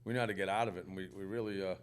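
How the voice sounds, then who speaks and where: Laid-back low-voiced New York man. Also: steady tone, very fast, clean tone. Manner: laid-back, agreeable, says "man" a lot. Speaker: podcast guest, chef. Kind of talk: casual chat.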